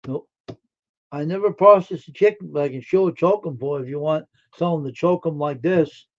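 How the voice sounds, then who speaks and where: A man's voice: fairly high pitch, normal speed, lo-fi sound. A man hosting a live stream, chatting casually and folksily with his viewers and answering their comments.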